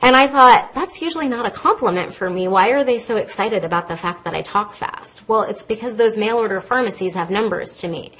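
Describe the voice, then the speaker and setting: A woman speaks from a stage podium with a somewhat husky voice, pitched in a medium range. She talks with a quick, lively, conversational manner, teaching an audience about medications. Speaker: pharmacist giving a public health talk. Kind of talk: lecture to a live audience from a stage. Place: stage in a lecture hall. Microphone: podium microphone.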